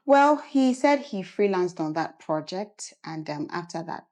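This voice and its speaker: An actress playing a calm friend who confides suspicions in a film drama. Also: female voice, on the low side, measured pace. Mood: confiding. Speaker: film character.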